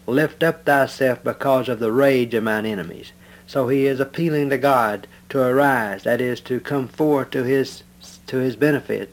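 A man preaching a verse-by-verse Bible study, explaining each line in a steady, measured way with frequent "uh" pauses. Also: medium pitch.

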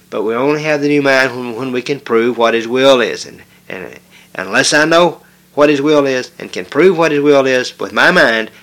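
A man's voice: medium pitch, fairly bright tone. A man preaching a sermon, emphatic and repetitive, with frequent hesitations and restarts. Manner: emphatic, repetitive preaching with rising stress on key words.

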